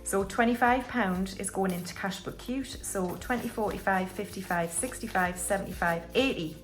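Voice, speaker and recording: A woman's voice: medium pitch, normal speed, soft background music. A woman chats casually to her viewers as a budgeting vlogger, counting banknotes aloud as she goes. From United Kingdom. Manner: chatty, counts money aloud, talks to viewers as guys. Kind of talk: casual chat while counting cash.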